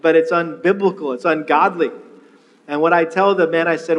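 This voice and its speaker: A male pastor with a high voice gives sermon-style teaching on marriage, speaking at normal speed in a relaxed, conversational manner. He frequently restarts sentences by repeating words, and a long reverb from a large hall follows his voice.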